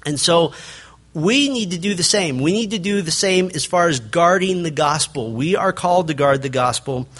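A man's voice: a little high, fairly bright tone. A man preaching a sermon, reading scripture aloud and acting out quotes with an earnest delivery. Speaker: pastor.

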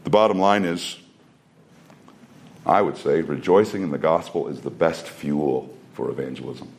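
A man's voice: extremely low pitch, normal speed, creaky, slight background noise. A man preaching a sermon, earnest and emphatic, who repeats phrases for weight. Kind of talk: sermon with scripture reading.

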